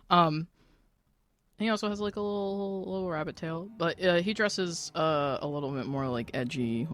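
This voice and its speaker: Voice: mid-range voice, a bit bright. A player in a tabletop game, talking casually and hesitantly with lots of fillers.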